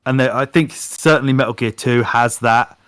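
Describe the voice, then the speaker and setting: A man co-hosting a podcast in casual chat, animated and swearing freely while retelling things. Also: mid-range voice, normal speed, smooth, no room sound. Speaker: podcast co-host. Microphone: podcast microphone.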